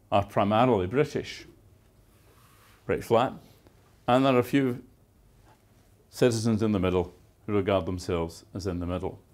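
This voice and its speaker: A man's voice: fairly low pitch, a little mellow. A man giving a university lecture, with dry, wry asides and emphatic stresses on key words. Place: lecture theatre.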